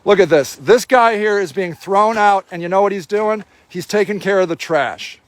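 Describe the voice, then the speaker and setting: A man's voice: high voice, normal speed. A man filming a livestream outdoors, giving indignant, sarcastic running commentary and swearing freely. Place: outdoor homeless camp in snowy cold.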